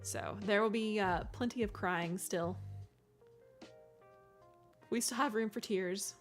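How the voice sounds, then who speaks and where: A woman's voice: mid-range voice, slow, soft background music. A woman streamer chatting casually with her live chat, giggly and self-deprecating, often restarting her words. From California.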